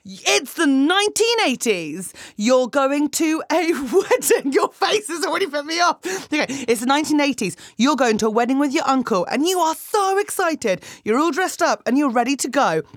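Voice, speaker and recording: Giggly, animated woman comedian. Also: high-pitched, normal speed, few pauses, no room sound, clean studio sound. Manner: giggly, animated storytelling with frequent laughs. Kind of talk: retelling a story on a comedy panel show.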